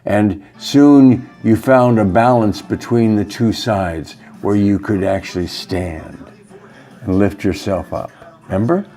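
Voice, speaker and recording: Halting, low-voiced spiritual teacher, a man. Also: dark tone, soft background music. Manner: halting, rambling, frequent fillers. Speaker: yoga teacher. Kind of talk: casual spiritual monologue.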